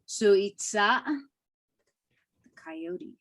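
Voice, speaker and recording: A woman teaching a language class, reading a short story aloud line by line and explaining it slowly and carefully. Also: medium pitch, lively intonation. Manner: slow, careful, with fillers and soft laughs.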